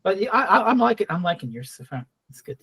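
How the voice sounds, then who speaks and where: Lively, teasing woman co-host. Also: mid-range voice, fast talker, breathy edge, no room sound. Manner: teasing, playful. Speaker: podcast co-host. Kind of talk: casual chat.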